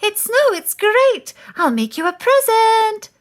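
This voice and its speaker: A woman voicing an excitable little female moose from a children's picture book, in high squeaky cries. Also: slow pace, full character voice. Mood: excited, pleading.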